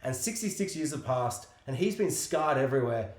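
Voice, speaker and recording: A man co-hosting a podcast in casual chat, rambling and halting, with casual swearing. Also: medium pitch, expressive, darkish tone. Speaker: podcast co-host. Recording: roomy echo.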